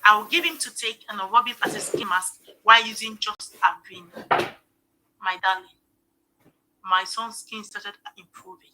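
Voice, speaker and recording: The recording is low quality, with a little hiss or hum, and the middle-aged woman on it has a slightly high, sharp-toned voice. She's hosting a live stream, telling earnest, emotional stories from her own life in casual sales talk and regularly checking in with "okay?"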